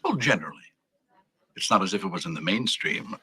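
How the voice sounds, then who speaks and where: A man's voice: low voice, sing-song, fairly quick, sharp tone, slightly rough, heavily acted. An actor playing a stern male company boss who is confronting a liar in firm, cutting film dialogue. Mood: probing.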